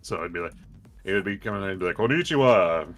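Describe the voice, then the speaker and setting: Bright-voiced young man telling stories. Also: low voice, racing, faint music behind. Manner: animated storyteller who acts out quotes, swears freely. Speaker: podcast co-host. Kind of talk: casual podcast chat.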